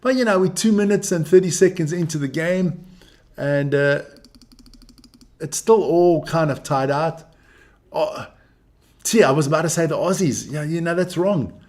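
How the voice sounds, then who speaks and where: A man's voice: fairly high pitch, normal speed, pauses often, darkish tone. A man hosting a live stream as he watches a rugby match, joking, swearing and chatting with viewers and with people in the room. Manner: brash, profane, joking banter.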